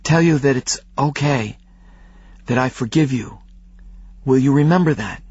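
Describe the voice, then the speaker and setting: A man voicing a dying woman whose voice is weak, strained and breathy. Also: mid-range voice, a little slow, darkish tone, highs cut off, voice pushed up.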